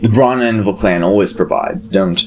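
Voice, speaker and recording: Man playing a burly dwarf smith, Australian lilt, low, salesy patter. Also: moderate pace, vocal fry, slight background noise. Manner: wheedling merchant patter. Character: burly male dwarf blacksmith, salesy and cheerful.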